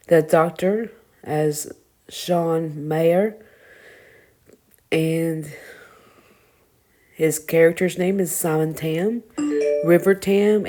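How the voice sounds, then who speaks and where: A woman with a Southern US accent reading her review notes aloud, halting and stumbling over names. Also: low-pitched, dark tone. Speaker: show reviewer.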